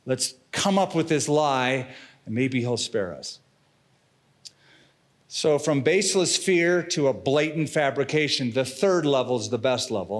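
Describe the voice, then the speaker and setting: A middle-aged man preaching a sermon as pastor, dramatic and expressive, slipping in casual slang. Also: medium pitch.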